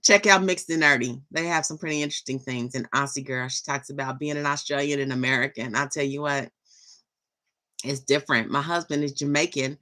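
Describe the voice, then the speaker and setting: A woman's voice: a bass voice, fairly even intonation, fairly quick, pushed and bright. A middle-aged woman vlogging in a rambling, chatty and enthusiastic way. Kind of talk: casual chat.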